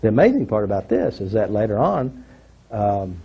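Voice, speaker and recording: A man's voice: fairly low pitch, big pitch swings, normal speed, husky, muffled recording. A man telling a personal story to an audience, acting out what people said and asking the audience questions. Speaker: workshop speaker.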